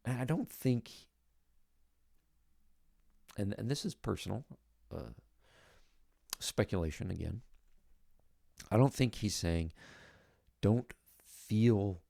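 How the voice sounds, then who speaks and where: Deep gravelly-voiced man teaching scripture. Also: expressive, takes it slowly, pauses often, dark tone, no echo, studio quality. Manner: conversational, thinking aloud, emphatic on key words. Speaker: Bible teacher and podcast host. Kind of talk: casual spoken Bible teaching.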